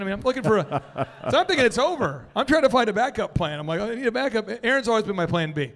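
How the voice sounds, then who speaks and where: A man hosting a business talk, telling an animated story to a live audience and acting out the people in it. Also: high-pitched, very fast, big-room sound. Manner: excitable, jumps between loud and hushed, acts out quotes. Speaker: business coach and host.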